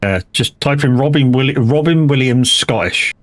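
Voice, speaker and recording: A man's voice: mid-range voice, normal speed. A male live streamer chatting loosely while he plays, with a mid-range voice. He rambles from one thing to the next, drops casual swear words and restarts his sentences often.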